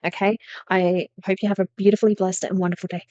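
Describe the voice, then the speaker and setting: A woman's voice: medium pitch, level tone, fast talker, darkish tone, lo-fi sound. A woman giving a spiritual tarot reading to her viewers, talking earnestly and with emphasis, often repeating phrases. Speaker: tarot reader.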